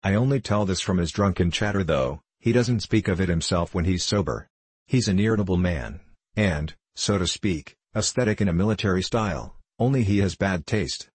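Brief: man doing a sly, sneering gossip in an audiobook; deep, husky voice. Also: moderate pace, dry recording.

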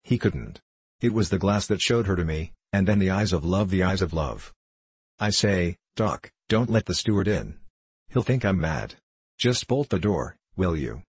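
A man reading the part of an overwrought, haunted ship captain in a storybook, with a husky voice. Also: sits low, expressive, moderate pace, no room sound. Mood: murmuring.

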